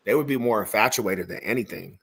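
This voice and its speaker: A man's voice: on the low side, brisk, vocal fry, a bit bright, breathy edge. A man from Denver telling street stories in a casual podcast chat, slangy and rambling, full of "bro" and "homie". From Denver, Colorado.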